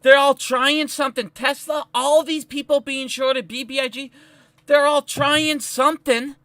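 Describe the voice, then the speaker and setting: Male live streamer, fired-up and swearing constantly, with a forceful voice in a dry room. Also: very high-pitched, steady tone, unhurried, dry recording. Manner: heated, profane and emphatic. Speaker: stock market live streamer.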